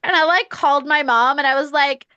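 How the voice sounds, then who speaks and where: A woman guest on a podcast, telling her story in a chatty, animated way. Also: sits high, fairly quick, dry recording, muffled recording. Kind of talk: casual storytelling.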